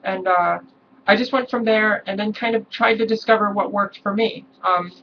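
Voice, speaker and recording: A young adult woman chatting casually in a vlog, relaxed, with many ums and little laughs. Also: mid-range voice, moderate pace. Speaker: vlogger. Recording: distant, dull lo-fi camera sound, faint hiss.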